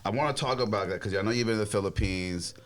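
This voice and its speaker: A man's voice: fairly low pitch, quick pace. An American man hosting a casual podcast, asking questions with a joking, teasing manner and frequent laughs. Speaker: podcast host. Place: podcast studio.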